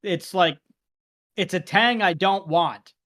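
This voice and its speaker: A young adult man, co-hosting a podcast in casual chat, acting out the exchanges he tells with lively feeling. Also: high voice, slow pace. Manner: animated storytelling, acts out quoted exchanges. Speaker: podcast co-host.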